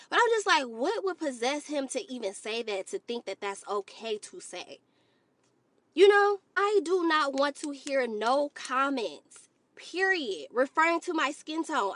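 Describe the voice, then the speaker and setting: A woman vlogger telling a story to her viewers in an animated, exasperated way. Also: high-pitched, no room sound. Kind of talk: storytime commentary to camera.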